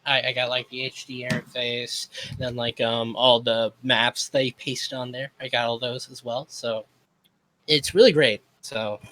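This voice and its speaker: A man's voice: medium pitch, level tone, unhurried, fairly bright tone. A young man in casual podcast chat who stumbles and repeats words as he starts sentences. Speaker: podcast host.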